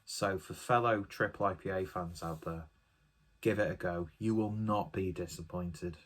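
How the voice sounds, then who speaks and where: Man, casual beer review, chatty, enthusiastic, rambling, lowish voice. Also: steady tone, moderate pace.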